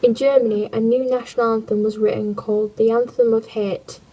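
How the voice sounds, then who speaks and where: A woman's voice: fairly high pitch, flat delivery, a little fast, warm tone, rough recording. A woman reading a history book aloud on a livestream, adding wry jokes and puns. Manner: jokey, punning, wry asides.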